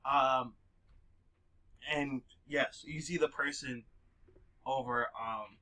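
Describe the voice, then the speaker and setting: A man narrating a tabletop role-playing game as game master, hesitant and full of fillers, slipping into quick lines for the characters. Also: medium pitch, steady tone, bright, forceful tone, poor audio.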